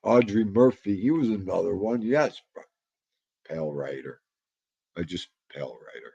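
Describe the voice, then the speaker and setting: Rambling low-voiced livestream man. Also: expressive, normal speed, creaky, warm tone, husky, no room sound, lo-fi sound. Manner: rambling, nostalgic, muttering asides to himself. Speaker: livestream host. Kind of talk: casual livestream chat reading comments.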